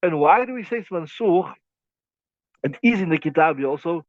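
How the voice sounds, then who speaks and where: A man teaching from an Islamic legal text, with a fairly high voice. He walks through each point slowly and keeps checking in with his students. The sound is thin and phone-like, with no room around it. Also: animated, no echo. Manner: explains step by step, often checks "right?". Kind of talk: classroom text lesson. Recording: thin phone-like dry recording.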